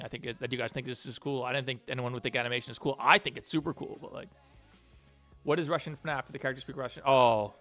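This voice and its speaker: A man's voice: mid-range voice, a bit bright. A man streaming as an animator, chatting casually and thinking aloud while he works. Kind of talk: casual live stream chat.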